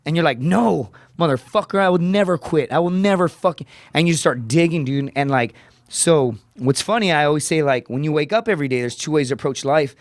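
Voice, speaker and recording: A man's voice: no echo, studio quality. A man telling blunt, profane stories on a podcast, peppering them with "dude" and "right?" and acting out other people's voices. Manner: profane, rapid storytelling with frequent "dude" and "right?"; acts out quoted voices with raised pitch. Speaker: podcast guest, comedian. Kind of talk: casual podcast storytelling.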